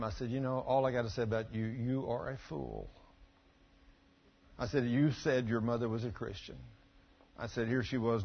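A middle-aged man preaching a sermon, telling folksy stories and swinging from quiet asides to loud emphatic bursts. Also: medium pitch, slightly rough. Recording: dull lo-fi church recording.

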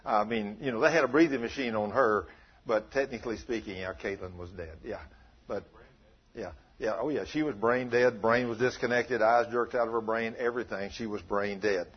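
A man preaching a storytelling sermon, swinging from loud animated bursts to hushed retelling. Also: on the low side, moderate pace, slightly rough, muffled recording.

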